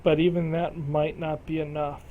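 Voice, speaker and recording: A man's voice: on the high side, flat delivery, moderate pace, phone-quality sound, a little hiss or hum. A man casually commentating a strategy game, thinking aloud and talking to the game's regions as if they were people. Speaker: gameplay commentator.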